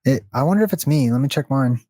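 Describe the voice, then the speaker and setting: A man's voice: medium pitch, expressive, fast talker, dark tone, no echo. A man chatting casually during a gameplay session over a voice call, thinking aloud as he explains ideas. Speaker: co-host of a gaming video.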